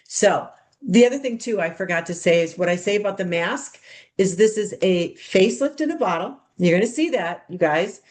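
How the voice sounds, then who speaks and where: A woman's voice: mid-range voice, animated, moderate pace, a little mellow. A woman coaching others how to run a skincare party, demonstrating steps in a bubbly, chatty way and calling the group "you guys". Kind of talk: hands-on demonstration talk.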